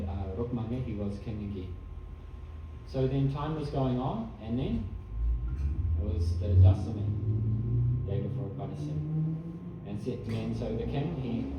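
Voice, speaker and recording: A man's voice: medium pitch, background noise. Man telling a story in an echoey hall. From New Zealand. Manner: chatty, self-correcting, laughs softly at own asides. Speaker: storyteller at a temple program. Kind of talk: casual devotional storytelling. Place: temple hall. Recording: distant mic in very echoey room.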